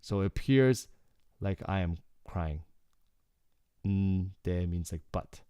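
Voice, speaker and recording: Male Korean tutor, deep and warm, laid-back explainer who keeps saying "okay". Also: unhurried, smooth, no echo, studio quality. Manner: relaxed, explanatory, frequent "okay" and "like". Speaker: Korean language teacher. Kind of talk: casual lyrics breakdown lesson.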